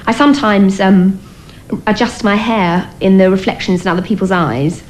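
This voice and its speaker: An actress playing a dotty asylum patient who confides in a rambling, hesitant monologue. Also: female voice, medium pitch, moderate pace, slight background noise, close to an everyday voice, low-quality recording.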